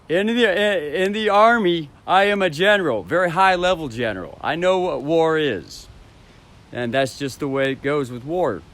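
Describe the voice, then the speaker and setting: A man's voice: a little high, animated, a little slow, long pauses, fairly bright tone. A man rambling to camera in a casual vlog, swearing and chuckling as he talks. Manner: rambling, profane, chuckling to himself.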